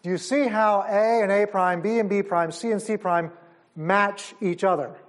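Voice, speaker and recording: High-voiced enthusiastic male Bible teacher. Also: fairly even intonation, normal speed. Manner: enthusiastic, explaining step by step. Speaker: Bible conference speaker. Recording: audio of a live talk.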